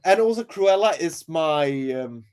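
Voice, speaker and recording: A woman's voice: low voice, expressive, a little slow, a little mellow, smooth. A woman co-hosting a casual podcast chat over a remote call, gushing and swearing freely, often laughing. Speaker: podcast co-host.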